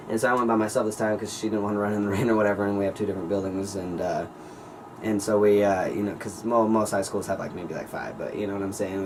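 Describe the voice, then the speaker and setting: A teenage male high school senior telling a rambling, excitable story in a casual vlog, full of "like" and "you guys.". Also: distant mic, a little hiss or hum, poor audio. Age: teens. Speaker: vlogger.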